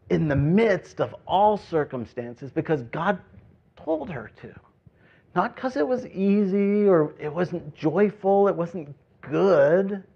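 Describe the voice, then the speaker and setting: Muffled pastor preaching conversationally. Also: male voice, fairly high pitch. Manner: conversational preaching with sudden loud emphasis and quiet asides. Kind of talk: sermon.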